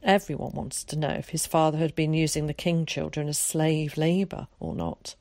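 Low-voiced woman reading an audiobook. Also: moderate pace, dark tone, dry recording. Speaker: narrator. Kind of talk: audiobook narration.

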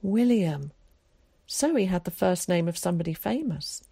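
A woman narrating a children's storybook aloud in a calm, even manner. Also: on the low side, brisk, gravelly, husky, dry recording, studio quality. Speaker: audiobook narrator.

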